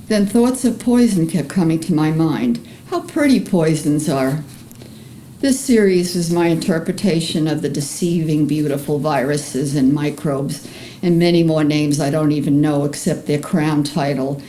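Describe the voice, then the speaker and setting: An older woman with a Bronx accent, an artist reading a personal memoir aloud in an earnest, emotional, measured way. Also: low voice, dark tone, a little hiss or hum, rough recording. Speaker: artist presenting her paintings.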